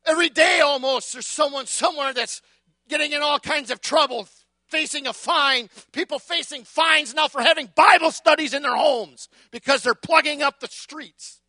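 A male preacher delivering a fiery sermon, shouting with emphasis and building long repeated litanies, often stumbling over repeated words as he starts a phrase. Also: very high voice, normal speed, no echo.

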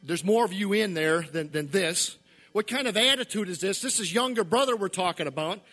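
A man's voice: sits high, expressive, fairly quick, soft background music. A man voicing a stern but loving old father who scolds and pleads with his son. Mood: scolding. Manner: scolding, pleading, building to shouted preaching.

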